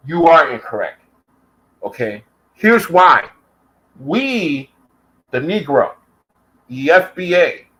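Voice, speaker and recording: American guy going off in a rant, swearing a lot, kinda high-pitched voice. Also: fairly bright tone, poor audio. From United States. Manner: heated, profane, combative. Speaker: YouTube commentator. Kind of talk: angry reaction rant.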